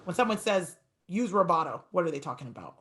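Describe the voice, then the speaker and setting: A woman piano teacher giving a masterclass, talking fast and stretching words for emphasis. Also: on the low side, big pitch swings, fairly bright tone.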